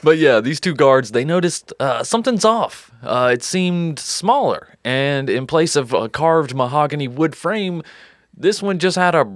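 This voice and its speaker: A man's voice: a little high, animated, a little slow, dry recording, clean studio sound. A man co-hosting a true crime podcast, telling the story in a loose, joking way and laughing often. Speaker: podcast co-host. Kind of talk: casual true crime chat.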